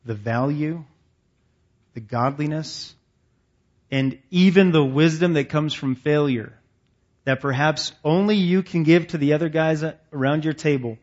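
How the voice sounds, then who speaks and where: A man's voice: on the high side, measured pace, a little mellow, highs cut off. A man leading a men's ministry meeting, preaching in a folksy, conversational and self-deprecating way to men seated around tables. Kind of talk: sermon to a men's gathering.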